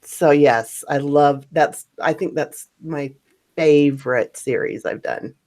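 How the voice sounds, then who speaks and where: A woman's voice: deep voice, slow, a little mellow. A woman who narrates stories, chatting casually as host of a stream, rambling and laughing often. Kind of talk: casual chat.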